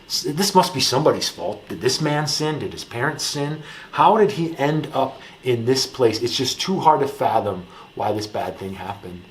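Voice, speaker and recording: A man in his thirties with an Upper Midwest American accent, preaching a campus ministry sermon in a relaxed storytelling way. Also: mid-range voice, normal speed, a little hiss or hum. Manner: relaxed storytelling, lively when telling anecdotes.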